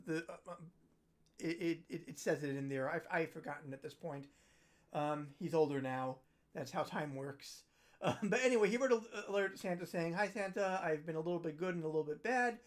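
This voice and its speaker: A woman hosting a holiday livestream, chatting casually between songs in a rambling, self-deprecating way that trails off quietly. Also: lowish voice. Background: ukulele playing.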